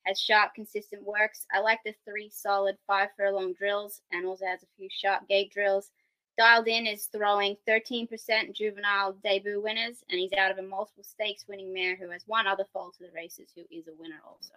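Bright-toned woman reciting stats. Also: mid-range voice, rough recording. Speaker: guest paddock analyst. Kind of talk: casual handicapping podcast chat.

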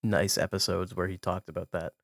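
A man's voice: low-pitched, flat delivery, fairly quick, vocal fry, no room sound, studio quality. A man co-hosting a podcast, chatting casually with many restarts and frequent laughter. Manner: rambling, many fillers and restarts, laughs often. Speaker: podcast co-host. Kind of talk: casual chat.

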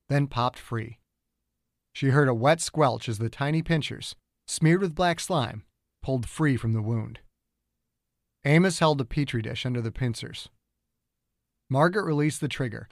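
A man's voice: medium pitch, dry recording. Man narrating a thriller audiobook, dry sound. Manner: steady, measured storytelling. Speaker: author and narrator.

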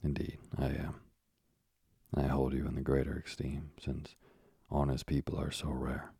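A man's voice: extremely low pitch, completely flat delivery, moderate pace, vocal fry, dark tone, breathy edge, no echo, studio quality, exaggerated voice. A man voicing a sly, ingratiating young male tailor in a storybook reading.

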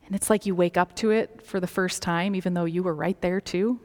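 A woman preaching a sermon in a slow, gentle, reflective way, dropping some phrases to a soft near-whisper. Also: on the low side, steady tone. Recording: long reverb of a large hall.

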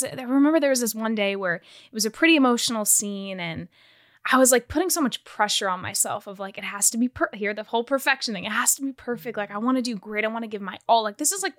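Young woman w a high-ish voice, chatty, says like a lot, dry close sound. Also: a bit bright, dry recording. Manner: chatty, lots of "like" fillers. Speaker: guest actor. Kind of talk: casual interview chat.

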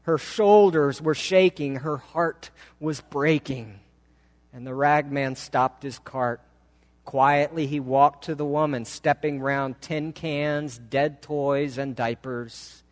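A man preaching in a church, telling a story slowly and with feeling. His voice sits fairly high for a man, and each phrase is drawn out with deliberate pauses. A long hall reverb hangs on every word. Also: steady tone. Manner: dramatic, slow, emotive reading. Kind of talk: sermon storytelling. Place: church sanctuary.

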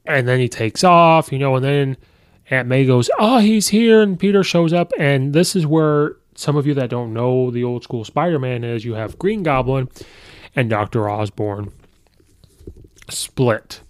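A man hosting a podcast, recapping a film in a casual, rambling way with many fillers and quick quoted asides. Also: mid-range voice, clean tone, no room sound. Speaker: podcast host reviewing a film. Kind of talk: casual movie review.

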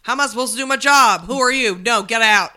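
Brief: woman doing a whiny, indignant young staffer, bright and pitched up. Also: quick pace.

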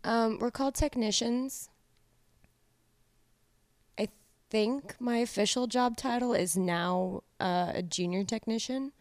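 A woman's voice: a little high, slow, pauses often, a little mellow, dry recording, clean studio sound. A young woman, a veterinary technician, chatting casually as a podcast guest, giggly and easygoing. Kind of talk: casual family chat.

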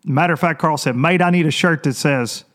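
Man, fairly high voice, fishing vlog host, excitable, rambling, teasing. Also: fairly quick. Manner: rambling and excitable, many restarts. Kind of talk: casual vlog opening talk.

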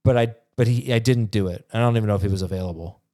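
A man hosting a fantasy football podcast, chatting casually with halting restarts and reading listener emails aloud. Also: on the low side, mellow. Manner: halting, many restarts, reads questions aloud. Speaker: podcast host.

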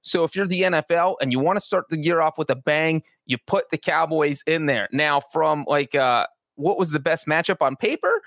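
A man's voice: fairly high pitch, normal speed, a bit bright, no room sound, studio quality. A man talking sports as a podcast regular, chatty and analytical with many fillers. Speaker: football writer and podcast regular. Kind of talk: casual podcast sports talk.

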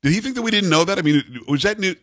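A man's voice: high voice, animated, quick pace, a bit bright, dry recording. A man hosting a talk radio show in a studio, joking and teasing his co-host in casual, rambling banter.

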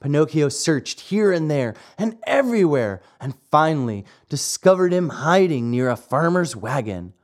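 An audiobook narrator reading a classic fairy tale in an expressive, measured way. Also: mid-range voice. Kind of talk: storybook reading.

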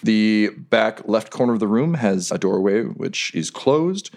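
A man's voice: lowish voice, animated, unhurried, darkish tone. A man narrating as game master of a tabletop game, describing scenes and often laughing.

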